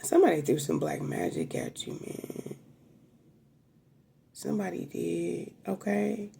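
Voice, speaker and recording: A woman's voice: on the low side, lively intonation, unhurried, creaky, mellow, slight background noise. A woman giving a casual, emotional tarot reading straight to her viewers, chatting freely and swearing now and then. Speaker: tarot reader.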